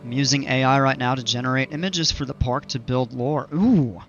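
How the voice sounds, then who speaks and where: Bright-voiced man rambling through game commentary. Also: mid-range voice, fairly even intonation, a little fast, dull audio, a little hiss or hum. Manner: thinking aloud, rambling with fillers and restarts. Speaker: gaming streamer. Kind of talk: casual gameplay commentary.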